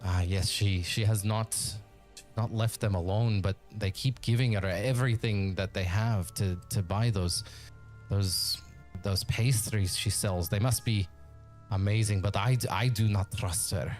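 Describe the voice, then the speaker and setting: Man voicing a stammering refugee villager, anxious, low voice, tabletop game. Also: steady tone, measured pace, a little mellow, faint music behind, natural voice. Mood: worried. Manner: stammering, repeats words nervously.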